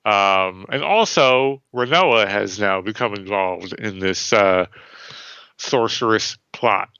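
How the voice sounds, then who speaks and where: A man's voice: lowish voice, slow pace, pushed and bright, smooth, no room sound. A man co-hosting a podcast, recapping in a rambling, hesitant way and casually swearing. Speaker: podcast co-host, new player. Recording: dull lo-fi sound, faint music.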